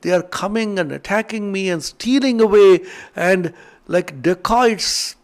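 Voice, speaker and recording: A man's voice: high voice, measured pace. An older man, a monk, giving an earnest spiritual lecture with chanted verses and emotional storytelling.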